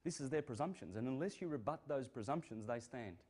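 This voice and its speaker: A man with a mellow, warm voice talks in a casual, emphatic way. He pushes his points hard and rises to indignant bursts. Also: mid-range voice, expressive, fast talker, a little hiss or hum. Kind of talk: casual speech.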